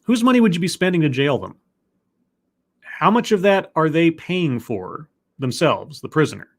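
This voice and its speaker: A man's voice: on the high side, very animated, normal speed. A man reading an essay aloud on a live stream, stopping often to question it with dry, sardonic remarks.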